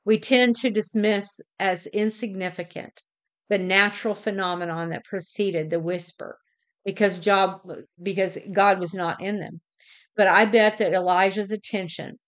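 A middle-aged woman hosting a devotional, reading in a measured, deliberate way and sometimes correcting herself. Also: lowish voice, fairly even intonation. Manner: measured, deliberate delivery with occasional self-corrections. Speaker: devotional host.

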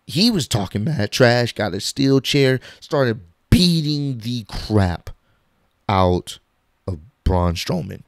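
A man talking casually in an opinion vlog, animated and slangy, acting out quotes in bursts. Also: mid-range voice, no room sound, clean studio sound. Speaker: wrestling commentary vlogger.

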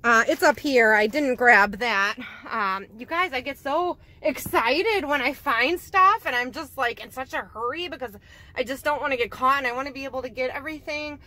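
High bright-voiced excitable woman vlogger. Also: normal speed. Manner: excitable, giggly, gushing. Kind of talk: casual vlog chat. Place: in a parked car at night, then indoors at a table.

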